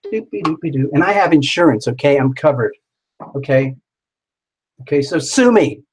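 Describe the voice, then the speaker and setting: Man, tarot reader on a live stream, slightly high voice, playful and jokey, sing-song asides. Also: expressive, moderate pace, slight background noise, rough recording. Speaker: tarot reader hosting a livestream.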